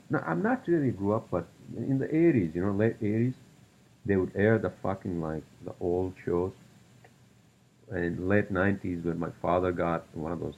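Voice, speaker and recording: A man's voice: deep voice, vocal fry, a little mellow, husky. A man hosting a solo podcast, ranting with heavy swearing and many fillers. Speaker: podcast host. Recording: dull lo-fi recording.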